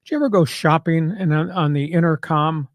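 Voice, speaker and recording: On his sports talk podcast, a male host delivers punchy, brash and sarcastic lines in a slightly high voice at a fairly quick pace. The recording is dry and close with no room echo, though it sounds muffled.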